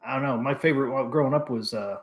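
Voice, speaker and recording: A man's voice: mid-range voice, very fast. A man hosting a casual live stream, laid-back as he reads viewer messages aloud and chats. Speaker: host of a live stream show.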